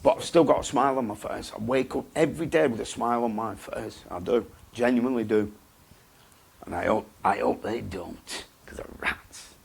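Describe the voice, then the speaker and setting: A man speaks in a gravelly, husky voice. He answers bluntly and haltingly and circles back over his own words, like a guest in a candid interview. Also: mid-range voice. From England. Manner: blunt, halting, repeats himself.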